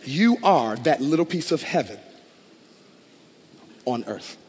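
A male pastor preaching with passion, his fairly high voice swelling into loud declarations. His words ring out with a long reverb, as in a large church sanctuary. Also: animated, slow, slight background noise. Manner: impassioned, rising to loud declarations. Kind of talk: sermon.

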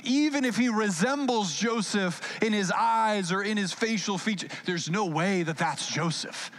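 A male pastor preaching a sermon in a casual, animated storytelling way, with asides to the congregation. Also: sits high, measured pace.

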